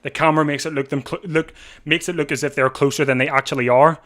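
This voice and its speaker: A man hosting a live watch-along, calling a bike race in a breathless, excitable way and repeating himself as the finish nears. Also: fairly high pitch. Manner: breathless, rising to shouts at the finish; talks fast over the race, repeating himself. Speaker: livestream watch-along host. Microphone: desk mic.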